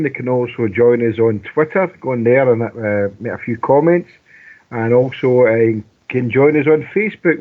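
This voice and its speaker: Scottish man on a tinny line. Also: medium pitch. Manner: jokey, chatty, reads out listener messages. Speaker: fan radio co-host. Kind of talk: casual football chat.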